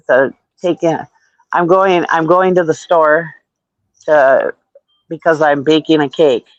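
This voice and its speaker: A woman's voice: deep voice, steady tone, measured pace, no room sound. Minnesota-accented woman, casual guest, lo-fi dry recording. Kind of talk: casual chat.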